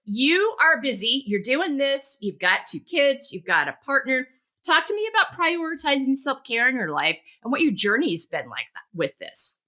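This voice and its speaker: A woman hosting a podcast, talking conversationally and stressing key words with animated rises. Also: high voice, normal speed. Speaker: podcast host.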